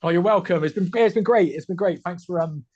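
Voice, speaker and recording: Husky-voiced West Country man. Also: sits high, darkish tone, highs cut off. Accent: West Country English. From West Country, England. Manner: halting, many restarts and fillers. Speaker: guest comedian. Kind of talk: casual podcast chat.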